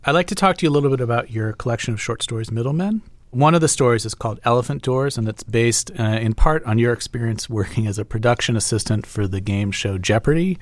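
A man's voice: mid-range voice, fast talker, no echo. A man interviewing an author in a conversational way, laughing easily and later reading a passage aloud. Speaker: radio interviewer.

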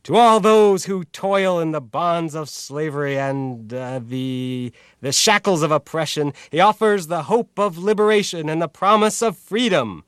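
A man reading a novel aloud, voicing a young male comic writer who declaims in a sharp, barking radio-announcer tenor with eager fillers. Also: a little high, lively intonation, unhurried, few pauses, clean tone, dry recording, clean studio sound, voice pushed up. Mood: declaiming. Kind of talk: audiobook reading.

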